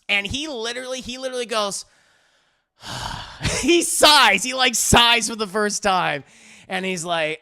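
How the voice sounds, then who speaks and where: A man recapping an anime episode in casual, animated, profane talk, full of restarts. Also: high voice, a little slow, gravelly. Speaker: TV reviewer. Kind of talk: casual first-watch recap.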